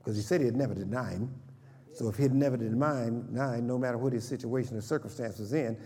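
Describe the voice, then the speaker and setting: A man at mid pitch preaches a sermon with lively, street-wise energy and keeps calling out to the people in front of him. His voice rings with the long reverb of a church hall. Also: fast. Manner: lively, colloquial, calls to the congregation.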